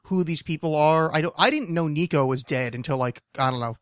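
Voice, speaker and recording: A man in his thirties with a slightly raised, strained voice that is going hoarse, talking loosely and swearing as he hosts a podcast. He rambles and laughs between points. The sound is close and dry, with no room around it. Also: fairly high pitch, brisk, dry recording. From New Jersey. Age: 30s. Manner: rambling, profane, laughs often. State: losing his voice. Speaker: podcast host. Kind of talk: casual podcast chat.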